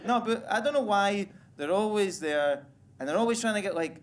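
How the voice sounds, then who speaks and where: Expressive, high-pitched, and a little fast, the Scottish stand-up works through a crude, self-deprecating routine on stage. Laughter and crowd ambience from the live room surround him.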